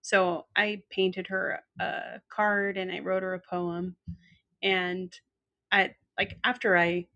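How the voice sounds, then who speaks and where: A woman's voice: fairly low pitch, takes it slowly, highs cut off. A woman co-hosting a podcast, telling funny stories in casual chat, acting out quoted lines with frequent laughs. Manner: animated storyteller acting out quotes, laughs often. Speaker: podcast co-host.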